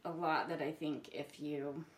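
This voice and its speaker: A woman's voice: low voice, fairly even intonation, measured pace. A mother talking in a loose, rambling way with a lot of fillers, as a podcast co-host in casual chat. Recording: echoey room.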